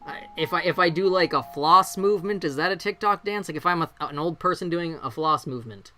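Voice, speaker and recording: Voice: medium pitch, fairly quick, bright, forceful tone, faint music behind. A streamer in their forties, chatting casually and self-deprecatingly from a bedroom, swearing freely and laughing often. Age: 40s. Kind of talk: casual live-stream chat.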